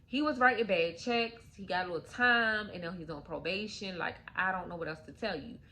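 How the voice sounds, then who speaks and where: A woman's voice: fairly low pitch, fairly quick, bright, forceful tone, slight background noise, low-quality recording. A woman voicing a blunt, matter-of-fact female probation officer who answers offhandedly. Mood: offhand blunt.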